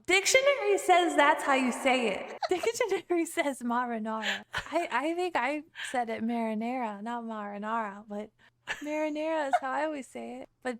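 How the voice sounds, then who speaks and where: A woman's voice: sits high, in a large hall. A woman streamer chatting casually and playfully, giggling and repeating words over and over. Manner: playful and giggly, drilling one word over and over. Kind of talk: casual live-stream chat.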